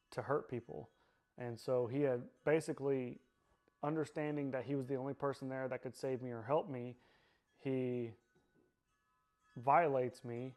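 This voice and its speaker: A man telling his own story in a personal testimony, quiet and subdued, halting and searching for words with many fillers. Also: mid-range voice. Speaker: survivor sharing his story.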